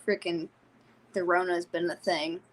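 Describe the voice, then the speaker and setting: Excitable young woman hosting a livestream. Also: on the low side, measured pace. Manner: excited, rambling, laughs often. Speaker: livestream host. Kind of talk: casual livestream chat.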